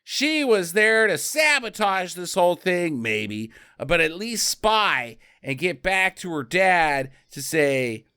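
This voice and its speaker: Animated sarcastic man recapping a movie. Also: sits high, takes it slowly, few pauses, clear, resonant tone. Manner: rambling, sarcastic, breaks into mocking quoted voices. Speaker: podcast co-host. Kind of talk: casual movie recap chat.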